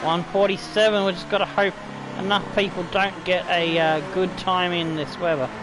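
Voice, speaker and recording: A man's voice: high-pitched, normal speed, background noise. A man with an Australian accent commentating his own racing game play, swearing and bursting out at rivals. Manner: excitable, swearing, laughing outbursts. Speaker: gaming YouTuber.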